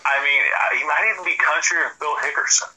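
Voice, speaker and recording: A man's voice: fairly high pitch, fast, pushed and bright, a little hiss or hum, poor audio. A man co-hosting a casual wrestling chat, joking and rambling with frequent restarts. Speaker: podcast co-host.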